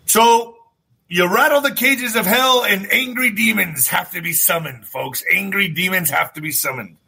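A fairly high-pitched man with a bright, forceful edge and a husky grain. He hosts his own show and rants freely, swears often and breaks into sudden shouts. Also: moderate pace, poor audio. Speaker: host. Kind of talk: opinionated talk show monologue.

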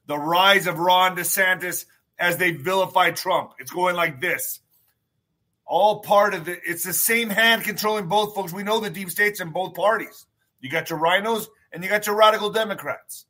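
A man's voice: sits high, pushed and bright. A man hosting his own livestream in casual talk, emphatic, repeating phrases and swearing freely. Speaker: show host.

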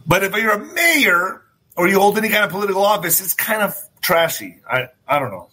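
A fairly high-pitched man with a bright, forceful edge and a husky grain. He hosts his own show and rants freely, swears often and breaks into sudden shouts. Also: big pitch swings, fairly quick, low-quality recording. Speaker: host. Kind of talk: opinionated talk show monologue.

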